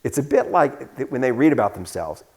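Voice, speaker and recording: A man with a gravelly, fry-tinged voice talks at a middle pitch, telling a story onstage. He restarts his sentences often and keeps circling back as he goes. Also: very animated, a little fast, a little mellow. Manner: rambling storyteller with many restarts. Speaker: author answering questions. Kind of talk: live onstage conversation.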